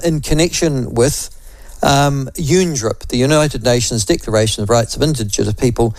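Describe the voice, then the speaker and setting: A man's voice: mid-range voice, a little mellow, dry recording, low-quality recording. A middle-aged man with a New Zealand accent hosting a talk radio show, delivering a combative, sarcastic opinion monologue with frequent asides.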